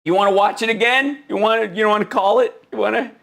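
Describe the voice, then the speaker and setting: A man's voice: high-pitched, quick pace, gravelly, fairly bright tone. A man hosting a live stream, giving comic political commentary in an exclaiming, mock-incredulous way. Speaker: livestream host.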